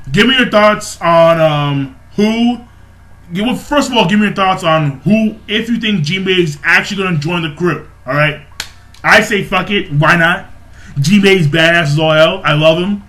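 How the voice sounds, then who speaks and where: A young man casually recapping a manga chapter, excitable and profane, with frequent exclamations, laughs and rambling restarts. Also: high-pitched. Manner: rambling with many fillers and restarts.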